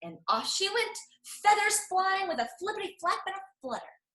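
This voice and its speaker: A woman reading a children's picture book aloud with an animated, expressive delivery. Her voice sits very high and bright and swoops a lot. A roomy echo surrounds it. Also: moderate pace. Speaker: storytime reader.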